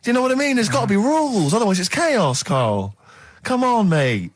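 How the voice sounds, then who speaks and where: A man co-hosts a radio show, with a fairly high voice and a rapid pace. He lectures and teases in a mock-pompous, animated way, as if a small slight were a grave matter. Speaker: radio co-host. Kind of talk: casual radio banter.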